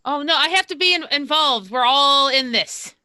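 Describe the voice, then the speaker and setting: A woman's voice: high voice, normal speed, bright, forceful tone, no echo, studio quality. A woman playing a tabletop game, rambling and self-mocking in casual chat. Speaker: player.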